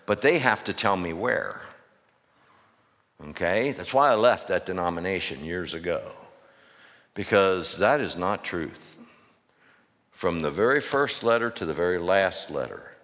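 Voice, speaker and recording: A man's voice: deep voice, a bit bright. A middle-aged man, a pastor, preaching a sermon in a church with emphatic questions to the congregation. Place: church sanctuary. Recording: long hall reverb.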